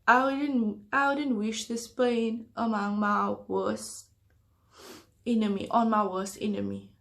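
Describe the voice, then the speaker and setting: A woman's voice: a little high, fairly even intonation, slow pace, vocal fry, fairly bright tone. A young woman talking to camera in a personal storytime vlog, hesitant and earnest. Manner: hesitant, earnest confessional talk. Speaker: vlogger.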